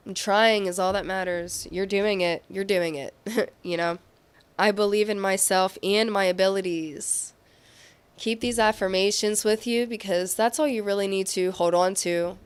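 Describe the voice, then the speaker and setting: A woman's voice: medium pitch, clean tone. A young woman giving a tarot reading to her viewers, earnest and encouraging, thinking aloud and restarting her phrases. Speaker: tarot reader.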